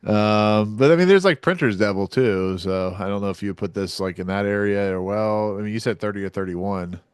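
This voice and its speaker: A man hosting a podcast, talking casually and haltingly with many fillers as he steers the talk. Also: fairly low pitch, fairly even intonation, clear, resonant tone, no echo, clean studio sound. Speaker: podcast host. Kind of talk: casual chat.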